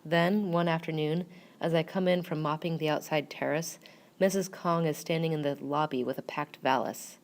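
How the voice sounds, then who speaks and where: A woman narrates a first-person story with a low, steady voice. Her telling is measured and quietly wry.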